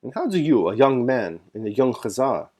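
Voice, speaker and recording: A man's voice: medium pitch, very animated, moderate pace, mellow. A dignified, stiffly patriotic old colonel with a German accent, as a man puts him on. He talks in a raised, emphatic voice and presses hard on chosen words, like an audiobook reader giving a character his due. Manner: emphatic, stresses single words.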